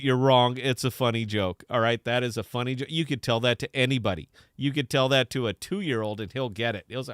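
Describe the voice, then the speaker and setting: A man's voice: mid-range voice, quick pace, a bit bright, clean tone, no echo, studio quality. A man hosting a podcast in casual, unscripted chat, brash and profane, teasing his co-host.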